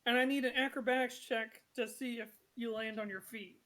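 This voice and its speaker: A woman's voice: a little high, fairly even intonation, fairly quick, fairly bright tone. A woman narrating a tabletop game session as game master, chatty and apologetic with many fillers.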